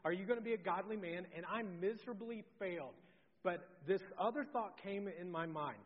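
A middle-aged man preaching a sermon as pastor, telling a story that swings from loud to hushed. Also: high-pitched, brisk, in a large hall, phone-quality sound. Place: church sanctuary.

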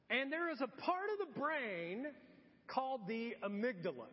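A man's voice: very high-pitched, moderate pace. A middle-aged man preaching a sermon as pastor, telling stories and acting out voices. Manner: animated storytelling with acted-out voices. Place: church. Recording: dull sound in a long-reverb church hall.

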